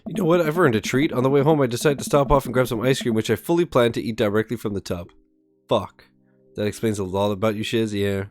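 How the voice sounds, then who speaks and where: A man's voice: medium pitch, fast talker, no room sound, faint music behind. Jokey man reading a dating game. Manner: jokey, self-mocking asides. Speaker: gaming YouTuber. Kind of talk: let's play, reading a visual novel aloud.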